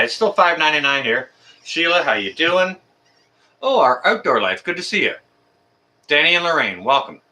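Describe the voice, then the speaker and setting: A Canadian man hosts a casual livestream, greeting viewers one by one in a friendly, chatty way full of ums and uhs. His voice is medium-pitched, bright, and forceful.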